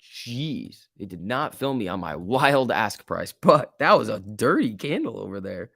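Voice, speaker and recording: A man hosts a live market stream, chatting casually, reading chat, and reacting aloud with excitement. His pitch swings widely from calm remarks to sudden enthusiastic bursts, and his gravelly voice runs a little slow. The sound is dry and close, with no echo or room around it.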